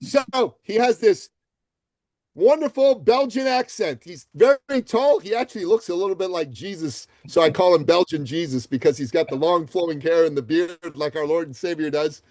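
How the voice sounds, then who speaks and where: High-pitched, emphatic man from Iran. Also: normal speed, no echo. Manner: animated, emphatic, punchy delivery. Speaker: podcast guest. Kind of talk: energetic storytelling interview answers.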